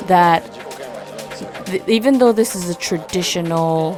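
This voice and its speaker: Lively woman telling stories, low-pitched. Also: a little slow, over music. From Japan. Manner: animated storytelling with fillers. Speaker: musician guest. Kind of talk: casual interview chat.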